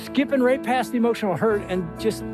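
Animated older man preaching a sermon. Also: very high-pitched, fairly quick, loud music behind the voice. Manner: animated, acts out dialogue with big voice jumps. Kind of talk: sermon to a live audience.

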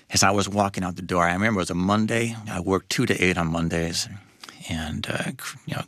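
Deep-voiced reflective father, dry recording. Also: fairly bright tone, no room sound. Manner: reflective, halting, with restarts. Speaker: guest, father of a son with a disability. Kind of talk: personal testimony in a faith interview.

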